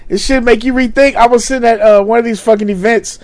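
Laid-back, cursing man with a high voice. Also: steady tone, quick pace, a crowd in the background. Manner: laid-back, profane, self-mocking about getting old. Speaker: podcast co-host. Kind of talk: casual chat.

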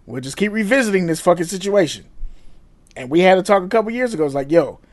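A middle-aged man co-hosting a casual chat, telling stories in a profane, animated way with frequent laughs. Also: high-pitched, fast talker. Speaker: podcast co-host.

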